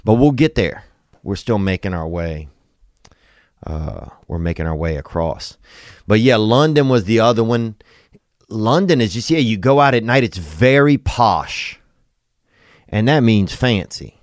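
A man's voice: fairly low pitch, expressive, unhurried, long pauses, no echo, studio quality. A man from Louisiana, hosting a podcast in a rambling, profane, comedic monologue. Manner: rambling, profane, drawling asides. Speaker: podcast host.

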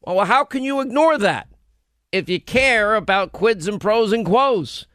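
A man's voice: high voice, expressive, unhurried, a bit bright, no room sound, studio quality. A male talk show host in an opinionated radio monologue, combative and sarcastic, rattling off lists of grievances.

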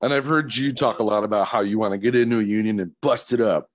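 A man co-hosting a podcast, chatting casually and teasing his co-host with jokes. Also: on the low side. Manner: teasing, joking, quick to laugh. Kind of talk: casual chat.

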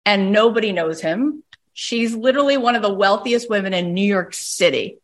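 A middle-aged woman coaching a caller, telling a story with emphatic, lively delivery and frequent "like". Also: mid-range voice, moderate pace. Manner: animated storyteller, emphatic, uses "like" often. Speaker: host, coach.

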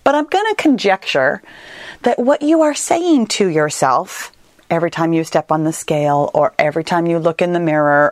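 On her solo podcast, a weight-loss coach speaks to listeners in a fairly low-pitched voice with no echo. Her coaching comes across as earnest, reassuring and conversational.

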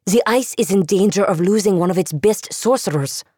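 A woman's voice: medium pitch, moderate pace, mellow, dry recording, studio quality, voice pushed up, close to an everyday voice. A woman voicing a desperate, fierce young female agent who speaks urgently and sharply.

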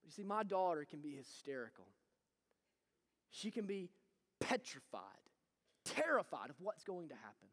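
A man, preaching a sermon and swinging from loud to hushed. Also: high-pitched, very animated, normal speed, long pauses. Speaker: pastor. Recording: long hall reverb.

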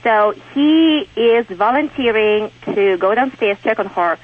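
A woman's voice: on the high side, lively intonation, measured pace, husky. Woman calling in by phone. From Russia. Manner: chatty, laughing easily. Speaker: caller. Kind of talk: radio call-in chat. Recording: tinny phone line.

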